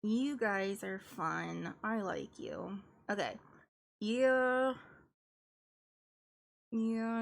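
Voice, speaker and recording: A woman on a live stream chats in a loose, playful way with frequent giggles. She slows down to sound out French phrases, and her voice sits at an ordinary middle pitch. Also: sing-song, gravelly. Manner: chatty and playful, giggly asides. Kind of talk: casual live-stream chat.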